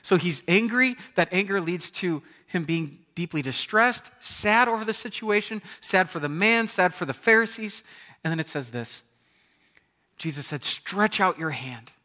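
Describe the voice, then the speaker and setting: A man preaching a sermon in a church, his voice bright and a little higher than most. He is animated, acting out little voices and moving between loud exclamations and hushed asides. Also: normal speed. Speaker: pastor.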